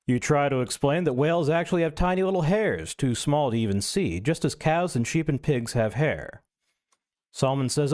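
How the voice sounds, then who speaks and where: A man's voice: fairly high pitch, animated, moderate pace, a little mellow. A male streamer reading an essay aloud, breaking in with wry, self-mocking asides.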